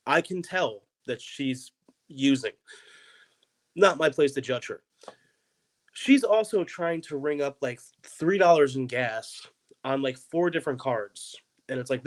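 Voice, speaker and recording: A man's voice: mid-range voice, low-quality recording. A young man, a comedian guest on a podcast, telling a story in a rambling way with many "like"s. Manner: rambling, heavy use of "like".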